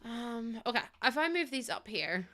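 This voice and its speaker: A woman's voice: fairly high pitch, big pitch swings, normal speed, sharp tone. A young adult woman, chatting heatedly to her live chat while she builds in a game. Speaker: live streamer.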